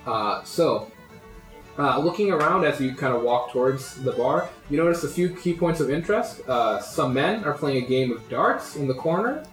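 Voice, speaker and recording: This game master's mid-range, slightly bright voice carries lively intonation at a moderate pace as he narrates a tabletop session, casual and packed with "uh" and "like." Soft music plays in the background, and the recording sounds roomy.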